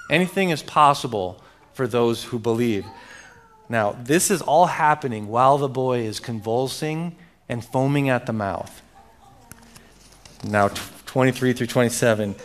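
A man preaching a sermon, reading scripture dramatically and urging his listeners directly, with sudden loud rises. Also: fairly high pitch, expressive, moderate pace. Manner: speaks directly to the audience, urging and emphatic.

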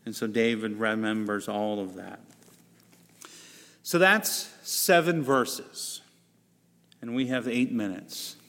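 A man's voice: lowish voice, slow, long pauses, a bit bright, big-room sound. A male pastor delivering a sermon in a conversational style, with self-deprecating humorous asides. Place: church sanctuary.

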